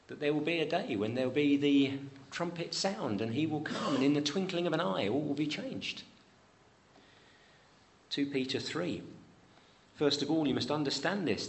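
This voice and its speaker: Male preacher, dramatic sermon, mid-pitched, faint room hum. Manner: dramatic, voice rising high on pleading questions and dropping low and soft on promises. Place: church.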